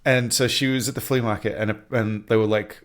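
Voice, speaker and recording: A man in his thirties co-hosting a podcast, chatting in a relaxed way and swearing casually. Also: on the low side, a little fast. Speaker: podcast co-host. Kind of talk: casual chat.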